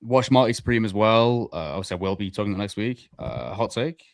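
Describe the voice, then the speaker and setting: Brief: young male podcast host, low voice, dry close mic, casual and sweary. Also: no echo. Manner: swears casually, quick hot takes. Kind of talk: casual chat.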